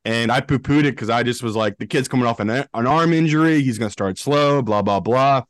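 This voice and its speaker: A man's voice: mid-range voice, fairly quick, no echo. A blunt man with a northern English accent talks sports bets casually, swearing freely. His voice sits mid-range, recorded dry and close. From England. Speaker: co-host, professional bettor. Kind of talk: casual chat.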